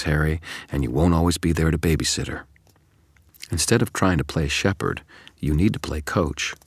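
Audiobook: knowing male double, wry and coaxing, very deep, dry, as a man reads him. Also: breathy edge, no room sound. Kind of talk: audiobook character reading.

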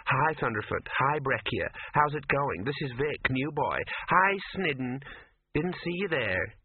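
A man reading the part of a brisk young female film extra, voice lightly raised, on a tinny, phone-like recording. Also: medium pitch, animated, husky, no room sound.

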